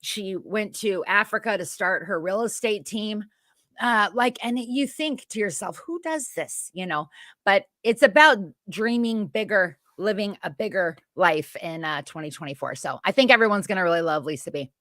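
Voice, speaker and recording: A woman's voice: medium pitch, normal speed, a bit bright, dry recording, studio quality. A woman co-hosting a show, chatting in a bubbly way and rambling through her questions. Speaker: co-host. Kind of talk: casual interview chat.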